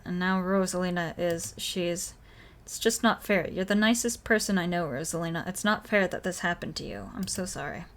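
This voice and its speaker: A woman reads a horror visual novel aloud on stream, giving every character's lines in her own everyday voice. Between lines she breaks off to react to the story. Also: on the low side. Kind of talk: reading game dialogue aloud with own reactions.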